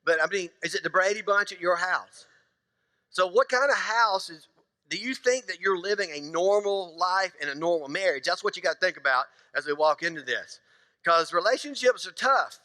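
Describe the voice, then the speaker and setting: Pastor, male; high, bright voice; playful sermon delivery that quizzes the congregation. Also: animated, moderate pace. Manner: joking, conversational, asks the congregation questions. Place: church sanctuary.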